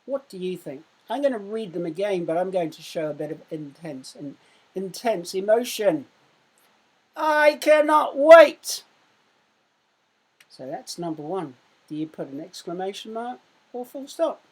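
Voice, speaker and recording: A woman teaching a recorded primary school lesson. She speaks clearly and raises her voice to show exclamations. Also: fairly low pitch, animated. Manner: slow, clear teaching voice that loudly acts out exclamations.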